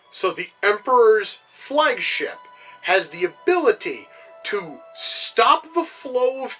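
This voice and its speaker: A man's voice: high-pitched, pushed and bright, poor audio. A man giving casual reaction commentary on a film, with profane, exasperated rants. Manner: profane, exasperated ranting asides. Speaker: movie reviewer.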